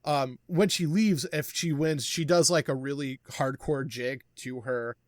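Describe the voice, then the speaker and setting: A man narrating as game master of a tabletop wrestling game, relaxed and explanatory, with many fillers. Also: mid-range voice, unhurried, no echo.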